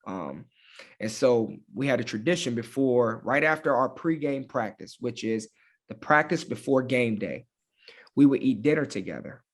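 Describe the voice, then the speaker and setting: Animated man telling a story. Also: mid-range voice, normal speed. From Hampton, Virginia. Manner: animated, laughing, with lots of fillers like "man" and "you know". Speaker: high school football coach, guest. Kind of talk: casual storytelling.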